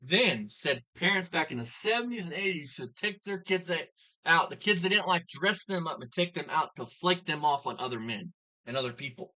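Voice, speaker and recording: A vlogger unloads an angry, profanity-laced commentary rant, piling on insults and hammering key phrases over and over. The voice is bright and sharp and swings widely in pitch. It sits a little far from the microphone. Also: animated, moderate pace.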